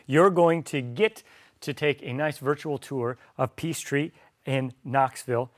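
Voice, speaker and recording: A man hosting a charity livestream, upbeat and chatty, sometimes dropping into a quieter aside. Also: mid-range voice. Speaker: event host.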